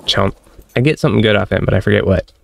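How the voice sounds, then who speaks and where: A man giving excitable let's-play commentary, laughing often and chatting to his in-game pet as he plays at home on a close desk mic. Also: on the low side, quick pace, vocal fry, faint music behind. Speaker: gaming channel host.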